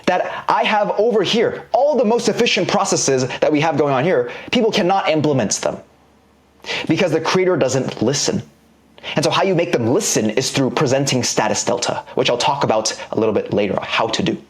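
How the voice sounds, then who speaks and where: A man delivering a casual recorded course lecture, full of slang and quick everyday examples. His voice rises and falls a lot and sits a little high for a man. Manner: animated, slangy, drawing examples on a board. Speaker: online business course instructor.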